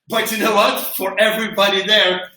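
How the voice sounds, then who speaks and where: A middle-aged man hosting a livestream, telling stories casually and loudly acting out what people said, from a mic across a large gym. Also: high voice. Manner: animated storyteller who acts out quotes loudly. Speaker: host and martial arts coach. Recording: echoey gym, far from mic.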